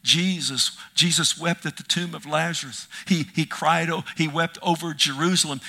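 Impassioned preacher man, bright voice. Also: fairly high pitch, steady tone, moderate pace, creaky, hardly any pauses. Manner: impassioned, swings from loud cries to hushed near-whispers. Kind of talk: sermon.

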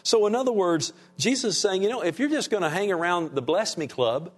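A male pastor preaching a sermon to his congregation. He asks them "Amen?" and swings between raised, emphatic lines and hushed, soft ones. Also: high-pitched, expressive, brisk. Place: church sanctuary.

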